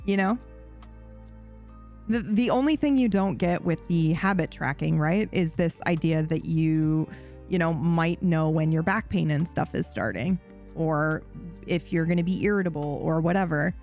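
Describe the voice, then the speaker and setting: A young woman streamer chatting casually, swearing freely and getting animated and giggly. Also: sits low, measured pace, soft background music. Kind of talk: casual chat.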